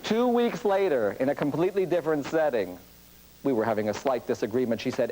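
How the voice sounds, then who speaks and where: A man's voice: medium pitch, animated, brisk, dark tone, slight background noise, rough recording. A priest giving a storytelling lecture on communication, acting out the people in his anecdotes. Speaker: priest and speaker on cross-cultural communication.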